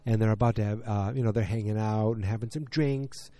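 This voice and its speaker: Dark-voiced man from middle America rambling. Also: on the low side, steady tone, a little fast, no echo. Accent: American Midwest. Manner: rambling, filler-heavy, acts out characters' lines. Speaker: show recapper. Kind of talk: casual recap chat.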